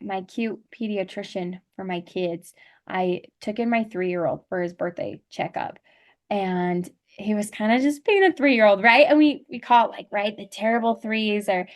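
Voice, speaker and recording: A woman's voice: mid-range voice, animated, moderate pace. A woman in her thirties, a life coach and co-host, telling a personal story in a chatty way. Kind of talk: casual chat, anecdote.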